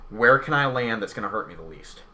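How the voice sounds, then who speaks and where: A man's voice: lowish voice, animated, a little fast, pushed and bright, slight background noise. A young man casually telling a dramatic story on a podcast, swearing a lot. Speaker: podcast co-host. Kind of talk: casual storytelling over beers.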